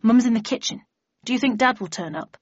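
A woman's voice: fairly high pitch, expressive, fairly quick, dry recording, dull audio. A woman voicing a dour, grim adult brother who is a minister, in a storybook reading.

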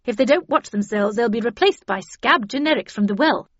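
A woman's voice: on the high side, lively intonation, fairly quick, dry recording. A woman voicing an irascible old spinster who speaks curtly and dismissively. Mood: brusque. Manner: curt, sharp, dismissive. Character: irascible old car-mad spinster, brusque. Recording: dull dry lo-fi audio.

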